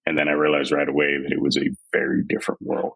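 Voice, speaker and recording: A man's voice: very deep voice, fast talker, gravelly, low-quality recording. A man in his forties from Texas, a podcast guest and army veteran, telling his story candidly and with animation in an interview. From San Antonio, Texas. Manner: candid, animated retelling with quoted voices.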